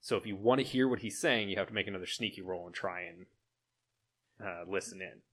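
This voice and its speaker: A man narrating as game master of a tabletop role-playing game, relaxed and halting, with fillers and restarts. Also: low voice.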